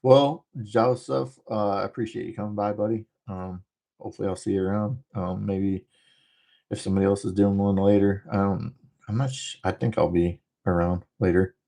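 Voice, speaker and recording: A man from the northern United States hosting a casual livestream, talking fast and rambling through jokes while he reads out viewer comments. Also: fairly low pitch, steady tone, vocal fry, warm tone. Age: adult, former military. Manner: rambling, joking, talks fast. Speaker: livestream host.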